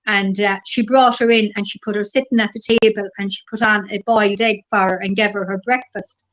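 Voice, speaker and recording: Gentle rambling Irish woman. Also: mid-range voice, steady tone, brisk. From Ireland. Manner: gentle, rambling storyteller with many fillers. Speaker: guest. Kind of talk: casual interview. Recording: dull lo-fi recording.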